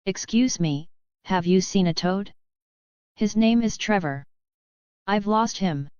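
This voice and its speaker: A woman's voice: mid-range voice, lively intonation, slow, darkish tone, clear, resonant tone, no echo, dull audio. A woman voicing a timid, tearful round-faced boy in a storybook reading.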